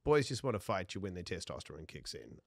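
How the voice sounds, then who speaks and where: A man's voice: sits low, fast talker, no echo, studio quality. A man telling a personal story as a podcast guest, laughing often and acting out the dialogue. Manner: animated, laughs often mid-sentence; acts out dialogue in his stories.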